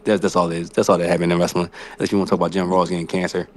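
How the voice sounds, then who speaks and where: A man's voice: sits low, little pitch movement, very fast, a little hiss or hum. A man co-hosting a casual podcast, giving a laid-back rundown of the news. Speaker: podcast co-host. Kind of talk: casual chat.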